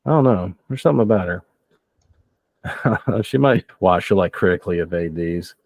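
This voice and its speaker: A man's voice: low-pitched, expressive, moderate pace, vocal fry, a little mellow, no room sound. A man running a tabletop role-playing game as game master, casual and joking, laughing often and swearing now and then.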